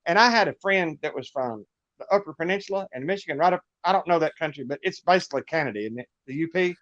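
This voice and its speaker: A man's voice: a little high, expressive, fast talker, fairly bright tone, no echo, muffled recording. A middle-aged man with a Southern US accent, chatting as a guest on a livestream and telling rambling, laughing stories in a folksy way. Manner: folksy, rambling storyteller who laughs often. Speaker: guest musician. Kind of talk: casual livestream chat.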